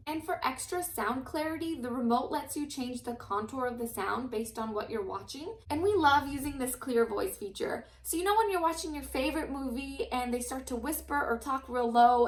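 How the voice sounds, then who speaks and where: Young woman doing a casual product review, high voice, upbeat, kinda far from the mic in an echoey living room. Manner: upbeat, enthusiastic. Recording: roomy echo, mic set back.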